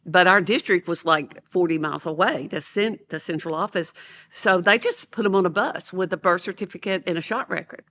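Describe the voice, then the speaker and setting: A woman, an educator and podcast guest, telling stories with lively energy, laughing often and acting out what people said. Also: lowish voice, brisk. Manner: animated, laughing storyteller who acts out quotes. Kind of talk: storytelling in a podcast interview.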